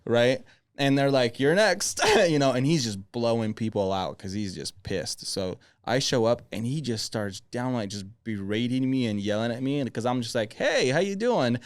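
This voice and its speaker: A man's voice: mid-range voice, normal speed, clear, resonant tone, no echo, clean studio sound. A man on a casual podcast, telling an easygoing story from his sales days and laughing along as he goes. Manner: laid-back storyteller, laughs easily. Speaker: sales executive, podcast guest.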